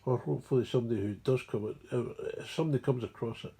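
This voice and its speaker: Brief: older Scottish man, low gravelly mumble, raspy and husky, rambles. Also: fast talker, warm tone. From Scotland. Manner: mumbling, digressive. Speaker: recovery speaker. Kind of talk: rambling spoken explanation.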